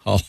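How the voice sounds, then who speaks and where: A man co-hosting a radio show, chatting casually and reading listener letters aloud with halting restarts. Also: darkish tone, no echo, clean studio sound. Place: radio studio.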